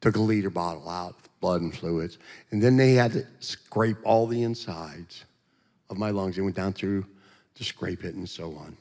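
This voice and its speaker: An animated man giving his testimony from a church platform, joking and acting out voices as he goes. His fairly low voice carries a long reverb through the church sanctuary. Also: normal speed. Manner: animated, joking storyteller who acts out voices. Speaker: guest speaker giving a testimony.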